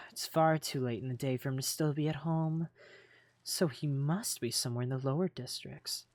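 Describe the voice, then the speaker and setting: Casting: a man doing a blunt, impatient woman in a game roleplay, mid-pitched, dry close sound. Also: normal speed, a little mellow, no room sound, close to an everyday voice. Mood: thoughtful. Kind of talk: voiced Minecraft roleplay dialogue.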